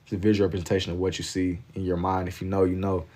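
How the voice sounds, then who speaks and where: A man's voice: low-pitched, monotone, rapid-fire, a little mellow. A man from Kentucky with a Southern accent, chatting casually and rambling with lots of "like" while he draws on a live stream. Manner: laid-back, rambling, heavy on filler "like".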